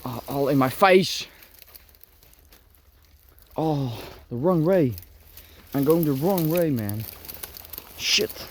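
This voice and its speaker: Slow and pausing often, this man's slightly high voice has lively intonation. He rambles through an outdoor vlog, cursing nonstop and grunting while pushing through thick bushes and trees, with rustling branches and a dog barking in the noisy audio.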